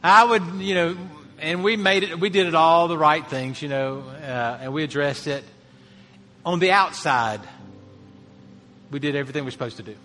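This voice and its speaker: A man's voice: on the high side, normal speed, pushed and bright, long reverb tail. A man preaching a sermon as a pastor, earnest, lifting his voice to stress key phrases.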